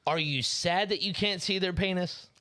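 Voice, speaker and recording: A man's voice: high-pitched, moderate pace, bright, forceful tone, no room sound. Man telling profane stories, dry sound. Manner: storytelling, teasing, heavy swearing. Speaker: podcast co-host. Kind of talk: casual profane podcast banter. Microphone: podcast microphone.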